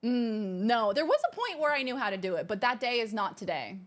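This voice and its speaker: A woman hosting a livestream from her home streaming room, chatting casually and reading out viewer messages in a bubbly, gushing way that is quick to exclaim. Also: on the high side, sing-song. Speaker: livestream host.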